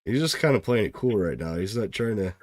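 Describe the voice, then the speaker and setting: A man narrating as game master for a tabletop game, in relaxed, halting narration. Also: fairly low pitch, dry recording, studio quality.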